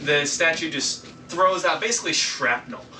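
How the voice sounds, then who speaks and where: A man's voice: fairly high pitch, moderate pace, pushed and bright, reverberant. A man narrating as dungeon master at a game table, loose and rambling, with lots of ums and casual swearing. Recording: distant mic with clear background noise.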